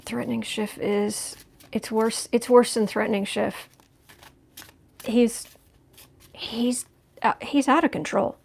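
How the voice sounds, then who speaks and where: A woman's voice: a little high, steady tone, slow, vocal fry, pauses often, darkish tone, breathy edge. A woman reading tarot cards on a livestream, thinking aloud in a conversational way as she turns each card. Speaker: tarot reader.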